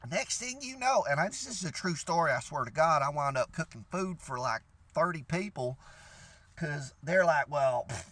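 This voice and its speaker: A man's voice: on the high side, lively intonation, moderate pace, pushed and bright, no echo. A young man from Louisiana with a Cajun accent, telling a rambling, profane story in a casual rant to his viewers. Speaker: vlogger.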